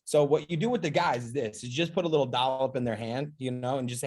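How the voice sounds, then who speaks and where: A man's voice: medium pitch, fast talker, few pauses, darkish tone, a little hiss or hum. A man giving a casual, upbeat sales training demonstration, chatty and playful, often checking in with his listeners. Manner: chatty, keeps asking "okay?" and "right?".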